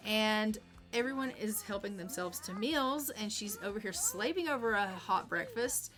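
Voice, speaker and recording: A woman's voice: medium pitch, expressive, moderate pace, fairly bright tone, soft background music. A woman streamer narrating a life-simulation game casually, chatty with many fillers.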